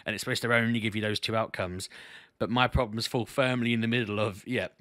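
A man's voice: fairly low pitch, steady tone, fast talker, bright, forceful tone, dry recording, studio quality. A young man vlogging casually about his week, rambling with restarts and mocking quotes. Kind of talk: casual personal vlog.

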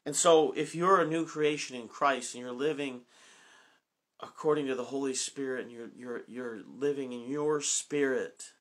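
Guy running a bible study, bright voice, reads scripture then talks it through all earnest with lots of you knows. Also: medium pitch, fairly even intonation, normal speed. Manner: earnest, personal, many fillers and restarts. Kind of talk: reading scripture and teaching informally.

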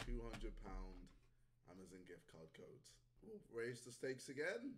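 A man streamer giving casual reaction commentary, excitable, often bursting into laughter and shouts. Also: lowish voice, unhurried, slight background noise.

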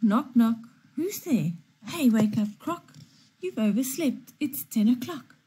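Woman reading a picture book, unhurried and mellow, faint hiss behind. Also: on the high side, lively intonation. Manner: slow, playful rhyming delivery. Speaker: storyteller. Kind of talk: children's picture book read-aloud.

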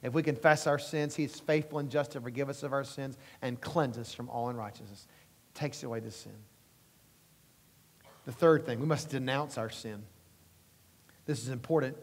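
A man's voice: medium pitch, moderate pace, pauses often, big-room sound. A man preaching a sermon as pastor, emphatic and rising at times, acting out quotes.

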